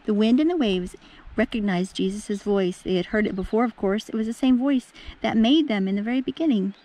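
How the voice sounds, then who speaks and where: Woman teacher, storybook read-aloud, animated, warm mellow tone, talks to the kids. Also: medium pitch, a little fast. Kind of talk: reading a storybook aloud to children.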